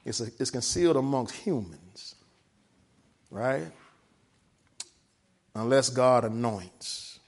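A man preaching a sermon. He reads from a text and explains it, and he often stops to ask "right?" His voice swings from hushed to loud, and he draws out the key words. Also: medium pitch, animated, takes it slowly, pauses often.

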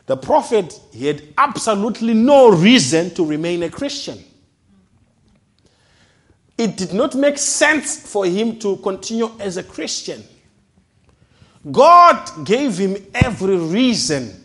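A man preaching a sermon, emphatic, rising to loud declarations and dropping to soft low asides. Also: big pitch swings, a little slow.

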